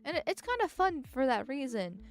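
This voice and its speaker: A woman's voice: high-pitched, sing-song, brisk. A woman streaming live in casual chat, talking bluntly and directly, with a stuffy nose.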